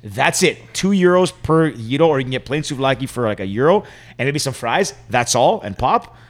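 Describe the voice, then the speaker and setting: A man co-hosting a podcast, chatting casually and telling an animated story from Canada. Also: mid-range voice, normal speed. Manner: storytelling, animated retelling with quoted voices. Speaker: podcast co-host. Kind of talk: casual chat.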